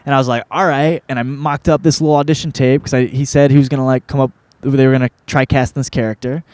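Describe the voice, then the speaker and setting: A man in his thirties hosting a podcast, talking through his story in a loose, meandering way with constant filler words and casual swearing. His voice sits at an ordinary middle pitch. The sound is close and dry. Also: level tone, quick pace, darkish tone, no echo. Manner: rambling, profane, laid-back, lots of filler words. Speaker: podcast host.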